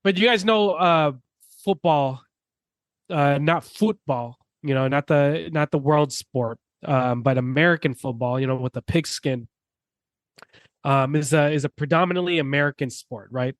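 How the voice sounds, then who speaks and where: A man's voice: a little high, moderate pace, no echo. A man hosting a casual podcast chat, rambling through his points. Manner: rambling, heavy on fillers and restarts. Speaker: podcast host.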